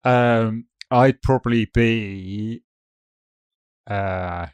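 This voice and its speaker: A man's voice: fairly low pitch, very slow, smooth, no room sound. A man co-hosting a podcast, talking casually in meandering, hesitant sentences full of fillers. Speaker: podcast co-host. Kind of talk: casual chat.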